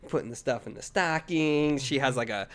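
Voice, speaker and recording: A man's voice: mid-range voice, moderate pace, fairly bright tone. A man in his thirties co-hosting a casual podcast, telling a rambling story full of fillers and restarts, laughing at himself. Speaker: podcast co-host.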